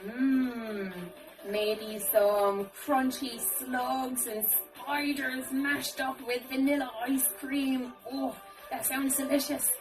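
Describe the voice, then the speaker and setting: A goofy fox puppet, voiced by a woman, who tells corny jokes and dreams of gross snacks. The voice sits well below the host's, slow and playful. There is soft music underneath. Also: high voice, level tone, voice pushed down, low-quality recording. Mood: silly. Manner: silly, playful, jokey. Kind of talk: children's puppet show.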